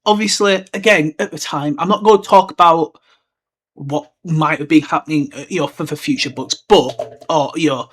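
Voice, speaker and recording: A young man hosting a casual podcast, rambling through a book chapter and slipping into quick character voices. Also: on the high side, fairly bright tone. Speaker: podcast host.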